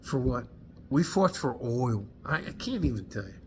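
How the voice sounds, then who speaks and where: A man's voice: mid-range voice, sing-song, moderate pace, darkish tone, slight background noise. A middle-aged man, a combat veteran, speaking emotionally to camera in a heated, profane rant, sighing and stuffy-nosed as he holds back tears. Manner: heated, profane, breaks off with sighs.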